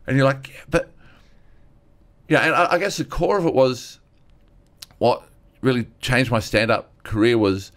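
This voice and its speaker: A young man, a stand-up comedian, talks openly about hard times in an earnest, animated way. His pitch sits in an ordinary middle range, and he slips into quick impressions of the people he met. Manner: earnest, animated retelling with acted-out quotes. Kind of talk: candid conversational storytelling.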